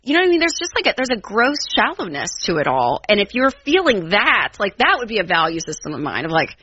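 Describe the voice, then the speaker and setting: A woman's voice: mid-range voice, huge pitch swings, fast talker, sharp tone, slightly rough. A woman co-hosting a call-in advice radio show, chatty and rambling, with lots of fillers. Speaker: radio co-host. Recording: dull lo-fi radio broadcast sound.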